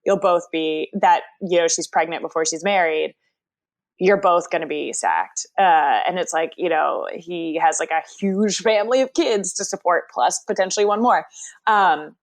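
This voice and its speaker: A woman's voice: fairly low pitch, moderate pace. A woman co-hosting a podcast who recaps TV episodes in casual chat and acts out quotes from the scenes. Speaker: podcast co-host.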